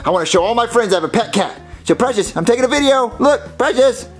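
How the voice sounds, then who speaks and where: A man voicing a naive, nervous young boy who stammers and gets excited easily. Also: extremely high pitch, quick pace, soft background music. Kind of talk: puppet comedy acting.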